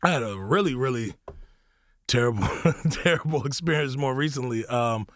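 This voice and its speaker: A man's voice: moderate pace, a bit bright, no room sound. A young man chats as a comedian guest on a radio show. He is laid-back and tells stories, lifting his voice when he quotes people. The sound is dry and close-miked. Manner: laid-back, storytelling, acts out quotes with rising pitch. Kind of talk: casual radio interview chat.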